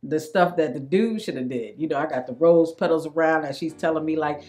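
A woman with a very low, deep voice gives comedic commentary to camera. She tells her stories with animation, acting out each quote and breaking into laughter. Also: normal speed, soft background music. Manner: animated storytelling, acts out quotes, laughs often. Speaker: cast member.

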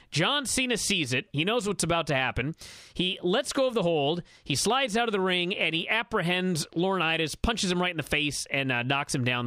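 Bright-voiced man recapping a wrestling match. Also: on the high side, dry recording. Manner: recounts events in a fast, excited run, with many fillers. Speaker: wrestling analyst. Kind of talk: casual radio show recap.

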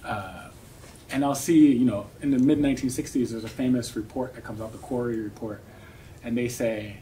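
A man giving an academic seminar talk, explaining in a thoughtful way with many pauses and tag questions. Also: mid-range voice, steady tone, mellow. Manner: thoughtful, explanatory, frequent "um" and "right?". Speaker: academic speaker. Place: seminar room. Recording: distant mic with faint noise.

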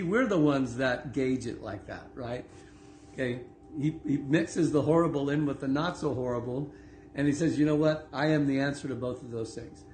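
A man teaching from the Bible in a loose, conversational way, full of asides and little laughs. His voice sits a bit high for a man. The room sounds echoey, with a faint hiss behind him. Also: darkish tone. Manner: conversational, laughs often, many asides and okays; slows down to read scripture aloud. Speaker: preacher. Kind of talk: casual online Bible teaching.

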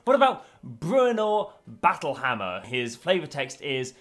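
A man hosts a loose, joking discussion, his voice bright and clear and sitting a little high for a man. He talks in a chatty way and fills his pauses with plenty of uhs. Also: wildly swooping pitch. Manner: chatty, many uh fillers, joking. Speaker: host. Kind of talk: casual recorded discussion.

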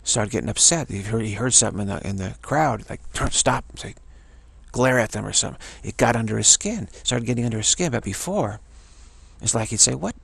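A middle-aged man gives a motivational talk on his practice, driving his points home by saying them twice. His voice sits fairly low and carries a husky, gravelly grain. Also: lively intonation, brisk, a bit bright, no room sound. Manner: emphatic, repeats phrases for stress. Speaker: teacher of a self-development practice.

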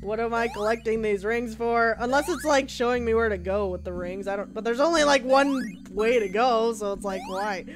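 A woman's voice: on the high side, moderate pace, few pauses. A woman commenting as she plays a horror game, joking along and shrieking at the scares. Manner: jumpy, shrieks at scares, jokey banter. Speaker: video game player.

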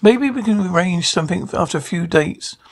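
A creepy smooth-talking suitor in a horror show, real gravelly, kinda high for a man. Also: expressive, fairly quick, slight background noise. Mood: coaxing, menacing. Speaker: actor in a horror anthology series.

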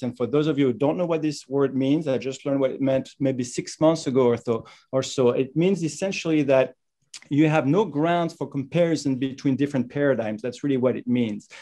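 A middle-aged man with a French accent, presenting a medical lecture over slides from his office in a relaxed, self-deprecating way. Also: mid-range voice. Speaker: webinar presenter, professor of medicine.

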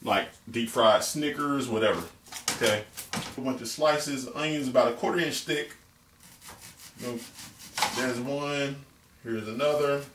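A man's voice: mid-range voice, a little slow, pauses often. Joking man hosting a home cooking video. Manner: rambling, jokey, deadpan mock-tearful. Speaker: home cooking show host. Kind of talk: comedic home cooking demo. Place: home kitchen. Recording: echoey room, faint noise.

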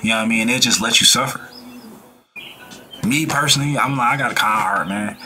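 A man's voice: mid-range voice, a little fast, bright, forceful tone, slight background noise. A man hosting a reaction video, talking in a laid-back, slangy way and preaching about life and good vibes. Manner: acts out quoted people in changed voices. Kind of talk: casual reaction commentary.

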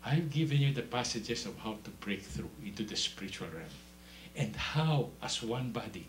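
Animated male preacher in echoey room. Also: lowish voice, moderate pace, a little hiss or hum. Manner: animated, swings from soft to shouting, laughs while telling stories. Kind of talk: sermon.

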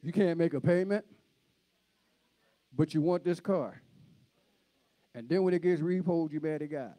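A man preaching a guest sermon in high-energy call-and-response style. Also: measured pace, mellow.

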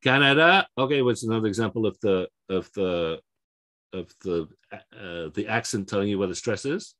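Low-voiced man teaching pronunciation. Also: moderate pace. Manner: explanatory, frequent fillers and restarts, checks in with okay. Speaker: Spanish language instructor. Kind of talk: lecture explaining pronunciation.

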